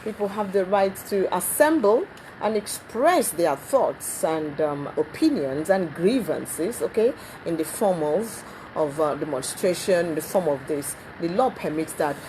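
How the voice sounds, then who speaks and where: A woman hosting a live talk show, speaking haltingly with many ums and restarts. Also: on the low side, animated, a little mellow, a little hiss or hum, rough recording. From Nigeria.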